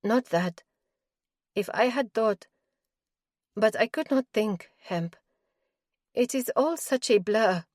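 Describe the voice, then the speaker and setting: A woman's voice: a little high, lively intonation, takes it slowly, long pauses, a little mellow, no echo, studio quality, pitched above the performer's own voice. A woman voicing a distraught young woman accused of murder, pleading in a raised, breathless way.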